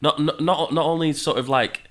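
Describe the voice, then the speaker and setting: A man co-hosting a casual podcast, talking in halting restarts. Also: on the high side, fairly even intonation, fairly bright tone. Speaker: podcast co-host. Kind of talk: casual chat.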